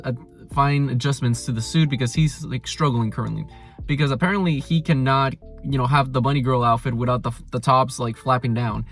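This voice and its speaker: A young man casually reviewing an anime episode, rambling with lots of "like" and restarts. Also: mid-range voice. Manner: animated paraphrasing of characters.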